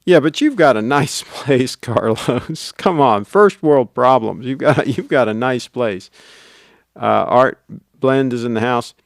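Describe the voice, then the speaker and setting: A middle-aged man hosts a casual livestream, reading out viewer comments with frequent chuckles. His voice is smooth and clear, close to the mic in a dry, dead room. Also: mid-range voice, measured pace, no echo. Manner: chatty, laughs often, reads viewer comments aloud. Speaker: livestream host.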